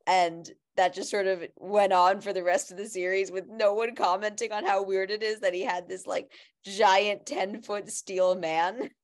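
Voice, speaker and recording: A woman's voice: medium pitch, fairly even intonation, normal speed. A woman co-hosting a casual podcast chat, talking in a rambling way with many restarts and fillers. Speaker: podcast co-host.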